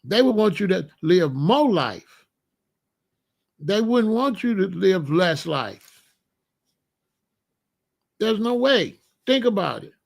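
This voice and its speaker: A middle-aged man talking casually and giving life advice, animated and conversational, with frequent restarts. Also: sits high, slow, gravelly, pauses often. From Chicago area. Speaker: vegan lifestyle host.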